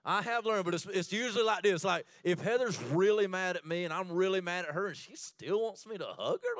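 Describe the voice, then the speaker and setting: A man leading a church marriage class, animated and joking, laughing often as he talks. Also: sits high, brisk, hardly any pauses, no echo, clean studio sound.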